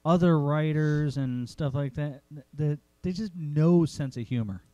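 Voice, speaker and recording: A man's voice: fairly high pitch, unhurried, mellow, no echo, lo-fi sound. A man co-hosting a casual writing podcast, joking and stumbling over repeated words. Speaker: podcast co-host. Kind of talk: casual chat about writing.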